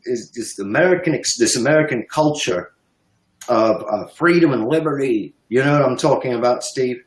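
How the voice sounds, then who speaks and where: A man's voice: mid-range voice, moderate pace, roomy sound, low-quality recording. A man in his fifties giving heated, emphatic political commentary, sometimes swearing and laughing scornfully. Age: 50s. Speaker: guest commentator.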